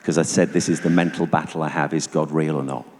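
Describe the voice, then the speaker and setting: A man giving a personal testimony to an audience as a guest speaker, telling it vividly and going hushed at tense moments. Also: rumbling low, steady tone, fast, slight background noise. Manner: vivid storytelling, dropping to hushed tones for tension. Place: church hall. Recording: long reverb of a church hall.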